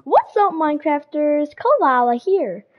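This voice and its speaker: A hyped, upbeat YouTuber intro voice, as a woman puts it on, pitched high and pushed a bit louder. It comes out bright and showy, with a slight cold underneath. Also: very animated, a little slow, lo-fi sound.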